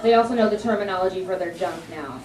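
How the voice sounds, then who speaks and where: A woman's voice: fairly low pitch, quick pace, crowd noise. A young woman telling brash stories with punchlines in a stand-up comedy set on a club stage. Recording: roomy distant club recording. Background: audience laughter and room noise.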